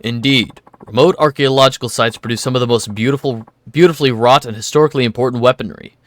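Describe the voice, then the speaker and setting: Dude putting on a solemn old weapon master, formal talk, lower voice. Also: male voice, fast, no echo, lightly acted.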